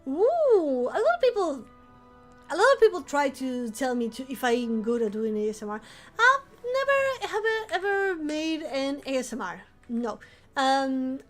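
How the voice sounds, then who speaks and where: High-pitched woman w rambling on stream, lots of restarts n laughs. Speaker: vampire-themed streamer. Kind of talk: casual live-stream chat.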